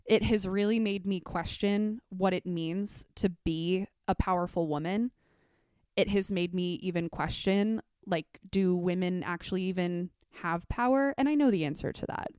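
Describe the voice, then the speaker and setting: Candid young woman host, smooth voice, dry close mic, reflective and chatty. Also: fairly low pitch, normal speed, darkish tone, dry recording. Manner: candid, reflective, with frequent fillers. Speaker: podcast host; teacher. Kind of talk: casual solo podcast talk.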